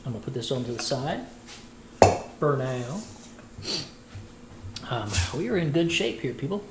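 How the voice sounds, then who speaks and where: A man's voice: mid-range voice, animated, a little slow, echoey room, heavy background noise. A man, a voice actor, chatting playfully with viewers while cooking on a livestream. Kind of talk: casual cooking livestream chat.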